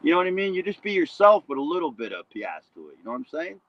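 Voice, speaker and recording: A man's voice: on the high side, big pitch swings, racing, no room sound, lo-fi sound. A man rambling through a casual livestream chat, often tagging on "you know what I mean".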